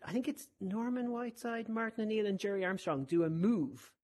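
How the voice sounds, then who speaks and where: A man's voice: sits high, a little fast, a little mellow. A man hosting a casual podcast chat, playful and joking. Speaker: podcast host.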